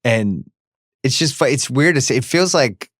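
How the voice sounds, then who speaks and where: A man's voice: medium pitch, animated, moderate pace, a bit bright, dry recording, clean studio sound. A middle-aged man hosting a casual movie podcast, leading the segments with enthusiasm. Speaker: podcast host.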